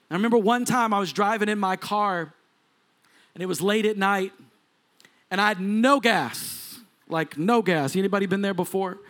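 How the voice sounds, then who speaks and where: A man in his forties preaching as a pastor, telling a personal story, acting out quoted voices with laughs along the way. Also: high-pitched. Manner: animated, acts out quoted voices, laughs often. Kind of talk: sermon storytelling.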